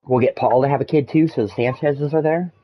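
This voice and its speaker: A man's voice: medium pitch, fairly quick, dull audio. A man in casual chat, telling long rambling stories full of swearing. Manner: rambling, profane storytelling.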